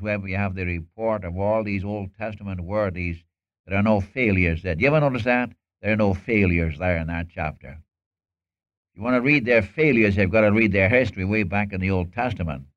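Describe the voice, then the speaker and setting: A man's voice: lowish voice, moderate pace. A man preaching a sermon in an earnest manner, acting out Bible dialogue as he goes. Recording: dull lo-fi sermon recording.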